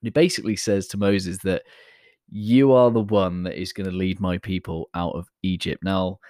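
A man's voice: low-pitched, steady tone, normal speed, darkish tone, no room sound, studio quality. A man hosting a podcast, talking in a casual, chatty, motivational way, self-deprecating, with many fillers and restarts. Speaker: podcast host.

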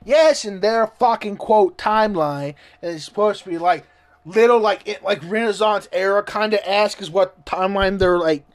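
A man reading a story aloud and ranting about it in excitable, profane commentary. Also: high-pitched, normal speed. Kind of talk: ranting read-along commentary.

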